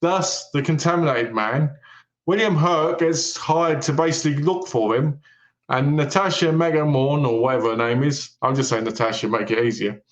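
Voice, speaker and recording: An animated man retelling a film's plot in casual chat and acting out its lines as he goes. His voice sits a little high for a man and carries a roomy echo. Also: moderate pace. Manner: animated storyteller, retells plots with quoted lines. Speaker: podcast co-host. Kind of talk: casual film-review chat.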